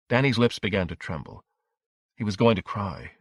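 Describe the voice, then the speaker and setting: A man narrating an audiobook in a measured, steady way. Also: on the low side, dry recording, studio quality.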